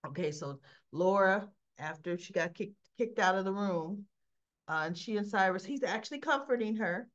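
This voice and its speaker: A woman's voice: medium pitch, moderate pace. A woman casually recapping a soap opera episode, chatty, briefly acting out the characters' quoted lines in her telling. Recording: slightly dull lo-fi recording.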